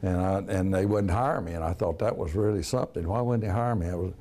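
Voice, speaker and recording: Older coach, low mellow voice. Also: male voice, fast, slight background noise. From Texas. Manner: folksy storyteller, frequent "uh" and restarts. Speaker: retired high school basketball coach. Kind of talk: casual reminiscing interview.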